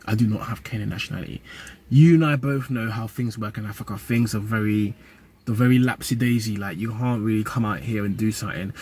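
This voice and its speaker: A man's voice: lowish voice, brisk, darkish tone, slight background noise. A young man from the UK and Nigeria, talking casually and animatedly to camera in street slang. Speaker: vlogger. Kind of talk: casual vlog monologue.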